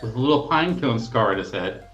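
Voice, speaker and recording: A man's voice: medium pitch, expressive, fairly quick, fairly bright tone, lo-fi sound, soft background music. Wry man player in an echoey room. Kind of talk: in-character narration of his bard.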